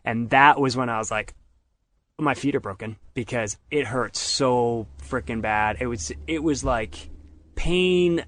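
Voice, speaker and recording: A man's voice: medium pitch, unhurried, no echo. Middle-aged guy telling his story, acts out everyone's lines, dry close mic, plain middle voice. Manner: animated retelling, acts out others' lines. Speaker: podcast guest. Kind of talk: casual storytelling.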